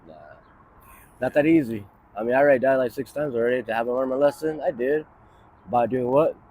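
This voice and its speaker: A man's voice: medium pitch, a little fast, darkish tone. Rambling, profane man in his thirties. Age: 30s. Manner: rambling, profane, many fillers like "you know". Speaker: interviewee. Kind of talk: street interview, casual storytelling. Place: outdoors on a city street near a bus stop.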